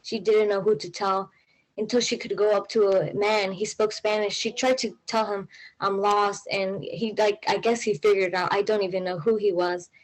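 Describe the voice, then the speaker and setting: A woman's voice: mid-range voice, little pitch movement, normal speed, rough recording. Young woman telling a personal story. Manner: casual, many fillers, anxious retelling. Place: stage at a live event.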